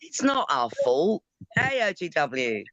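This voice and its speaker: Man, sarcastic panel guest. Slow, very lively pitch, on dull and dry lo-fi call audio. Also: dry recording. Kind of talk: casual panel chat. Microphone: video call.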